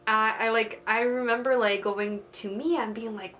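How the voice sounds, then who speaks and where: A young adult woman vlogging casually about an exciting experience, gushing and giggling, with lots of "like" fillers. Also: a little high, normal speed, soft background music. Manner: gushing, giggly, heavy use of "like".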